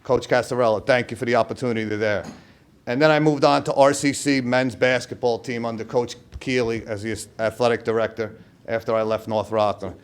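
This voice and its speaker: A man's voice: medium pitch, steady tone, fairly quick, clean tone. A middle-aged man with a New York accent giving a hall of fame acceptance speech, telling stories and acting out the voices of people he quotes. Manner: storytelling, acts out quoted voices, trailing asides.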